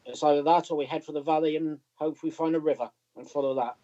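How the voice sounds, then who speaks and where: A man's voice: on the high side, steady tone, quick pace, mellow. A man chatting playfully as a player in a tabletop game. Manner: playful, slips into his character's lines. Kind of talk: casual game chat. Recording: muffled lo-fi stream audio.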